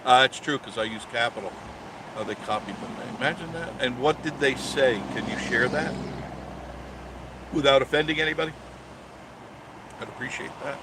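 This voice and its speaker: A man's voice: medium pitch, moderate pace, long pauses, background noise. A man in his sixties hosting a live stream, chatting casually and joking sarcastically as he reads viewer comments. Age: 60s.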